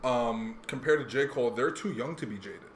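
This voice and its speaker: A man's voice: medium pitch, brisk, slight background noise. A man in casual chat, rambling and hedging with lots of fillers. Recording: echoey room, faint ambience.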